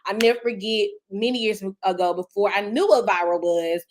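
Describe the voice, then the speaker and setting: A woman's voice: medium pitch, a little fast, a little hiss or hum. A woman hosting a live talk show, chatting casually and enthusiastically as she hypes up her guest. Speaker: host. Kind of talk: casual interview chat.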